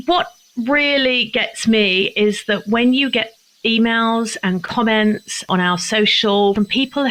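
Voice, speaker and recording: A woman's voice: fairly high pitch, fairly bright tone, rough recording. Earnest older woman, moved to tears. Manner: earnest, emotional, heartfelt. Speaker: charity founder. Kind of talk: interview answers.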